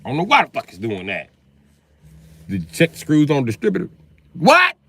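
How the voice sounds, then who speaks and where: A male comedian telling profane comic stories in a live monologue, acting out both sides of conversations and breaking into loud shouts. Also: sing-song, quick pace, husky. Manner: jumps to loud high shouts when acting out scenes.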